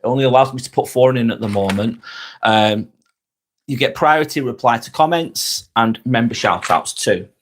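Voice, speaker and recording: A man from Northwest England with a Lancashire accent hosts a casual live stream, reading comments, thanking viewers by name and calling people "mate". His voice is mid-range and he speaks at a moderate pace.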